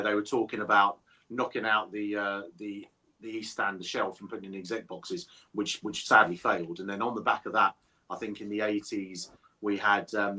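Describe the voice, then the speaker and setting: Low bright-voiced man, measured. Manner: measured, repeats words as he thinks. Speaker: supporters trust chairman. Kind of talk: casual interview answers.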